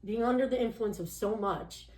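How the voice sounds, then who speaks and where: In a recording with roomy echo, a woman with a slightly high, somewhat mellow voice talks at a moderate pace. Guesting on a podcast interview, she rambles candidly through her own story, peppering it with "you know" and "like" and frequently imitating the people she quotes.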